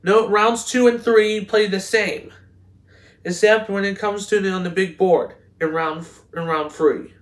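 A man reading game instructions aloud, halting and stumbling over words with frequent restarts. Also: high-pitched, steady tone. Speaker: host.

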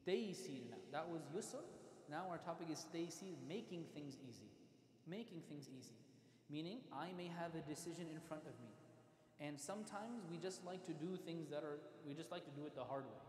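Animated man lecturing in an echoey hall. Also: on the high side, fairly quick. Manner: animated storytelling, acting out quotes. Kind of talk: religious lecture. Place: mosque hall.

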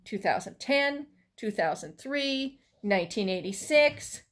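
A woman librarian reading a children's chapter book aloud with expressive storytelling. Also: medium pitch, measured pace.

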